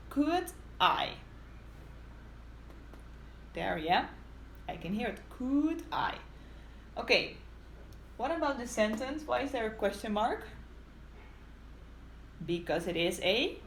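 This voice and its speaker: A woman teacher giving a phonics lesson to young children, asking patient, coaxing questions and reading a story aloud. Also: mid-range voice. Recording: roomy home recording with faint hiss.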